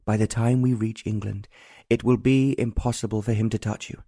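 A man reading an audiobook, voicing a tender and protective English nobleman who speaks quietly and earnestly. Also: on the low side, steady tone, moderate pace, vocal fry, no echo, studio quality. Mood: tender, resolute. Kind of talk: audiobook narration.

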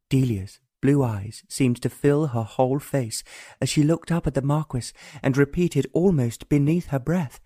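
A male narrator reading a romance audiobook in an even, unhurried way. His voice is mellow and warm at a medium pitch, recorded dry and close with no room sound. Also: no echo. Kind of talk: scripted narration.

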